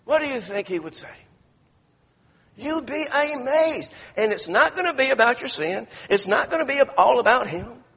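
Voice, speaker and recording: A man's voice: extremely high pitch, expressive, normal speed, creaky, a bit bright, husky. A man preaching a sermon in a church sanctuary, telling folksy stories with many restarts. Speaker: pastor. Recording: echoey church hall, dull lo-fi sound.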